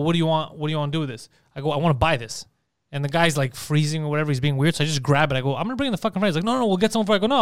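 Man, high-pitched, rapid, swearing storyteller, dry close sound. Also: clear, resonant tone, no room sound. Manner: animated, profane, acts out quotes loudly. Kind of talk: casual chat, storytelling. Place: Montreal area.

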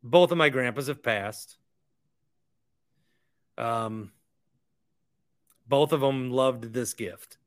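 A man's voice: medium pitch, drawn-out words, pauses often. A young man hosting a sports podcast, ranting in a heated, repetitive way in casual talk. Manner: heated, ranting, repeats himself. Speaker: podcast host.

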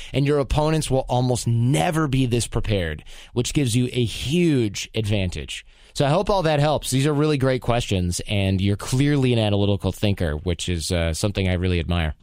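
A man from Michigan hosting a podcast, answering listener mail in a relaxed, reflective, conversational way. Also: mid-range voice, brisk, dry recording, clean studio sound. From Michigan, USA. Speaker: podcast host. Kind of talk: casual advice talk answering listener mail.

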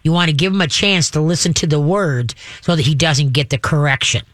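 A man hosting a call-in radio show as a dog trainer, animated and acting out little voices for dogs and owners. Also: a little fast, dry recording. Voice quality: says he has a deep voice. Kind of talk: call-in advice talk.

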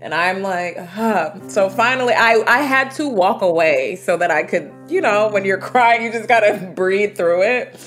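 A woman from the United States, a traveler and interview guest, telling her travel stories in an animated, vivid way. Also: medium pitch, normal speed, faint music behind. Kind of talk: storytelling in an interview.

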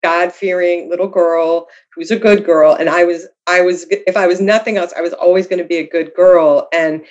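A woman's voice: lowish voice, steady tone, moderate pace, few pauses, a little mellow. Woman guest on a podcast, earnest and reflective, cracks self-deprecating jokes, sound a bit muffled and lo-fi. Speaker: guest author. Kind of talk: candid conversational storytelling. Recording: slightly dull lo-fi audio.

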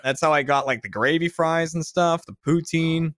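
A man's voice: a little high, normal speed, dry recording, studio quality. A man chatting casually on a podcast, telling a story with lots of laughter. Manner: animated storyteller who laughs mid-sentence. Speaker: podcast regular. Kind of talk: casual chat.

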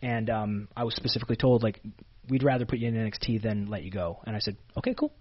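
A man's voice: lowish voice, fast, slightly rough, lo-fi sound. A man from Canada, a pro wrestler telling stories in a casual interview, full of fillers and restarts. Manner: animated storyteller, many fillers and restarts.

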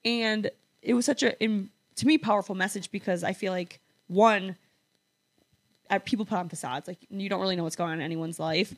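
Young woman thinking out loud, earnest, keeps correcting herself, casual chat. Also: medium pitch, fairly even intonation, brisk. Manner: earnest, reflective, self-correcting. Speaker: podcast co-host. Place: apartment.

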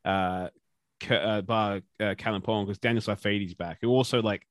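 A man's voice: on the low side, steady tone, normal speed, no room sound, studio quality. A man with an Australian accent talking sports in a casual podcast chat, opinionated and ranting, with some swearing. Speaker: podcast co-host.

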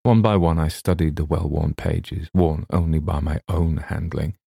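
A man narrates an audiobook in a very deep voice with a gravelly edge. His delivery is measured and somber, with a dark, mellow tone. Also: steady tone, no room sound, studio quality.

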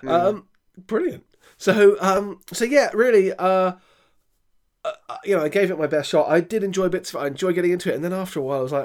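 A man co-hosting a casual film review chat, speaking hesitantly with many fillers and giving measured verdicts. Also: sits high. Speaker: podcast co-host.

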